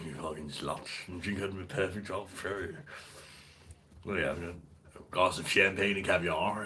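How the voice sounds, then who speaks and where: Deep bloke on a beer stream, rambly, swears a lot, reads chat. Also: male voice, bright, forceful tone, slight background noise. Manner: swears freely, rambling, laughs often. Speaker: beer review channel host. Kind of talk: casual livestream chat reading viewer comments.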